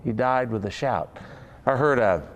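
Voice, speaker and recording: Man, preacher, conversational sermon, unhurried, mid-pitched voice. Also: animated. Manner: conversational, unhurried, with fillers and asides.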